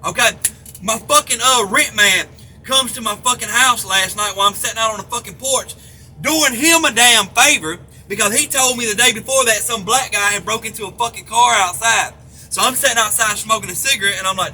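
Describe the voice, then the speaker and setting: Angry man ranting, high bright voice. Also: a little fast. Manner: heated, profane, repetitive. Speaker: vlogger. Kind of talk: angry rant to camera. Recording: faint background noise.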